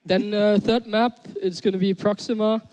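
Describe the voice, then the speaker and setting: A man's voice: high voice, steady tone, normal speed, a little mellow, clean tone. A man, a pro gamer guest, giving hesitant casual answers with many fillers.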